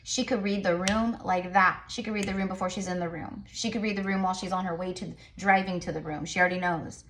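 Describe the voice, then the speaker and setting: Crowd noise can be heard as a woman with a fairly low pitch and fairly even intonation does a casual tarot reading for viewers. Her rambling is full of fillers and restarts, and she says she talks fast.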